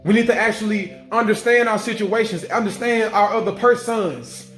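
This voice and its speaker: A spiritual vlogger talks to his viewers in a high-pitched, slightly bright voice at normal speed. His emphatic monologue keeps restating each point, with casual swearing, recorded in an echoey room where faint music plays.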